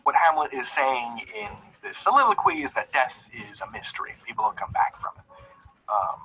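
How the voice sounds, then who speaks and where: Lively, bright-voiced man explaining grammar. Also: medium pitch, moderate pace, slightly rough. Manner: enthusiastic, chatty with fillers. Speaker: video lesson teacher. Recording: lo-fi video played back.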